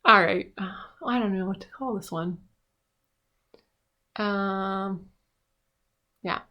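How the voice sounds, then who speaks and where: A woman's voice: mid-range voice, takes it slowly, sharp tone. A woman vlogging in a rambling, profane, casual monologue with lots of filler words.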